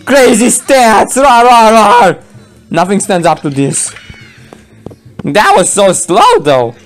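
A man giving playful, excitable game commentary, laughing often and throwing in mock roars while he voices both sides of a match. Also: sits high, slow pace, faint music behind. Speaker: gameplay commentator.

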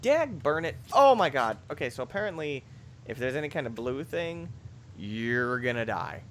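A young man doing let's play commentary, reacting loudly with sudden shouts and laughs. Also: medium pitch, very animated, moderate pace, a little hiss or hum. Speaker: gameplay commentator.

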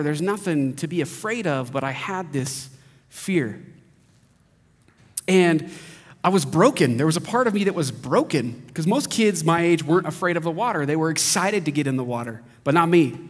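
A man in his thirties preaching a sermon, telling funny stories in a lively, animated way. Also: fairly high pitch. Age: 30s. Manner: lively joking storyteller, animated. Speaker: pastor. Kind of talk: sermon with humorous storytelling. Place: large church hall. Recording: long hall reverb.

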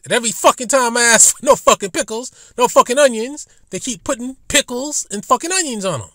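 A man telling a profane story as a YouTube commentator, swinging between low muttering and loud outbursts. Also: expressive, brisk, dry recording, studio quality.

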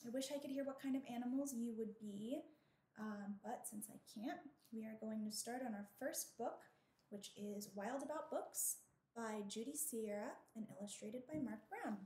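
A woman hosting a children's storytime as a librarian, talking gently in a sing-song tone and reading a picture book aloud. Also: fairly high pitch, moderate pace, reverberant.

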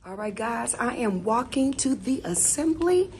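A middle-aged woman teacher and mom chatting casually to her viewers in an expressive, talkative way. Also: a little high, a little slow, a little hiss or hum. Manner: chatty and expressive, addresses viewers warmly as "baby" and "y'all". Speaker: elementary school teacher and mom. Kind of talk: casual vlog chat.

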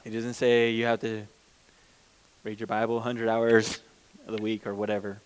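A man's voice: on the low side, monotone, normal speed, clear, resonant tone. A man preaching a conversational sermon as pastor, plain-spoken and informal, often restarting mid-sentence.

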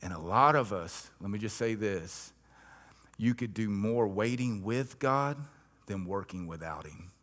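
A male pastor preaching a sermon, swinging between quiet, drawn-back lines and loud, emphatic swells, with rhythmic chanted repetitions. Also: on the low side, expressive, measured pace.

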